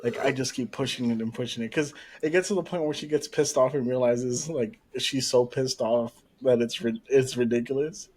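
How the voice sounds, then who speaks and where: A man's voice: mid-range voice, normal speed, hardly any pauses, a little mellow, rough recording. A man co-hosting a podcast who jokes about teasing his wife and laughs often in casual chat. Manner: laughs often, joking and playful. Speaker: podcast co-host.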